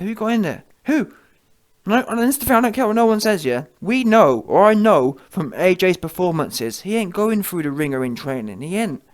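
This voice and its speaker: A man giving brash, slangy, opinionated boxing commentary and often asking "yeah?". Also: fairly high pitch.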